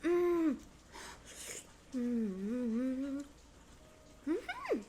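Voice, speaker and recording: Brief: playful, high-pitched woman streamer chatting while she cooks, with a faint hum behind her. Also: wildly swooping pitch, drawn-out words, dark tone. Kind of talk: casual cooking livestream chat.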